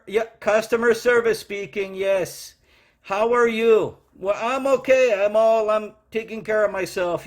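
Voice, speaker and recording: A man playing a foul-mouthed angry courier clerk. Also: high-pitched. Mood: exasperated. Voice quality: brash, swearing, ranting. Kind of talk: comedy character monologue. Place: home.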